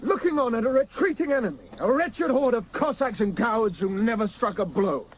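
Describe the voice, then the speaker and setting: Enraged captain, high and wildly swinging, a bit of background hiss. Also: male voice, animated, brisk. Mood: anguished. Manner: bitter, ranting, scornful. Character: furious, outspoken male cavalry captain. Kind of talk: radio drama acting.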